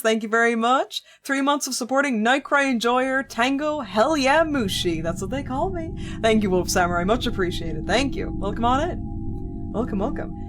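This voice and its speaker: A woman streaming a game, griping with sarcastic, profane commentary. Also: on the high side. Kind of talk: let's play commentary. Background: game music.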